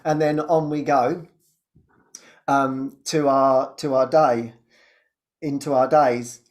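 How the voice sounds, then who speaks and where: A man who hosts a spiritual show, telling a personal story in a casual, animated way and laughing often. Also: slow. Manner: animated storytelling, laughs often, jumps high when quoting. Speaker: spiritual teacher and podcast host.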